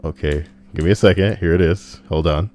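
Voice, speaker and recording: Young male livestream host with a low voice, loose and profane, riffs on chat messages. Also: a little fast, a little mellow, soft background music. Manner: profane, rambling, laughs at his own stories. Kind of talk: casual reaction stream chat.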